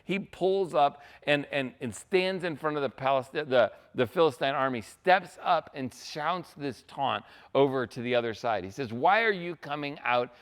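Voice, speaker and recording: A man's voice: medium pitch, animated, moderate pace, hardly any pauses. A man preaching a sermon as a pastor, in a casual, conversational way, often checking in with "right?".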